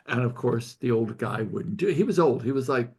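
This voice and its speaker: A man's voice: mid-range voice, animated, brisk, a little mellow, breathy edge. An older man leading a study group, telling a story earnestly and tearfully, often repeating and restarting his words. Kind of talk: emotional storytelling in a group call.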